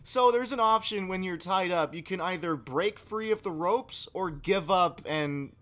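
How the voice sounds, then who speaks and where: A man co-hosting a podcast, telling a story in casual chat and swinging from low mumbling to loud yelling. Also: unhurried. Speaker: podcast co-host.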